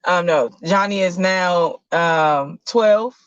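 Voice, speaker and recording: A woman telling a casual, slangy story, often pausing and correcting herself. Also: fairly low pitch, smooth, no echo. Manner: relaxed, slangy, with fillers and self-corrections. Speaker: podcast host. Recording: dull lo-fi sound.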